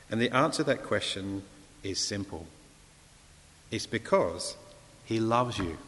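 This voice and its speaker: A man preaches a sermon in an earnest voice that rises to emphatic scripture reading. His pitch swings widely and freely. His voice rings out with a long reverb. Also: expressive, a little slow, pauses often, a bit bright.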